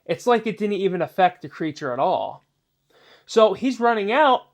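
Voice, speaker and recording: A man's voice: high-pitched, expressive, normal speed. A man telling a spooky story in a casual, rambling way, full of filler phrases. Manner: rambling, many "you know" fillers.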